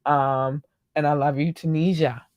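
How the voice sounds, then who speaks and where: A woman hosting her own podcast, chatting casually and gushing with excitement as she greets listeners. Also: sits low, measured pace, no echo. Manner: gushing, excitable, squeals in delight. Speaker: podcast host. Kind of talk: casual solo podcast chat.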